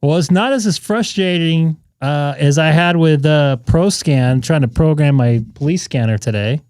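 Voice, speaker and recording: A man's voice: fairly high pitch, moderate pace, a little mellow, clean tone, dry recording, studio quality. A man hosting a ham radio live stream, chatting casually and rambling in asides to his viewers.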